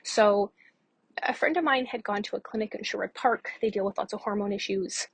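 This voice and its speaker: Candid woman, husky and dry. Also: mid-range voice, a little fast, no echo. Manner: candid and conversational, frequent fillers. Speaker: podcast host. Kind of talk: personal storytelling monologue.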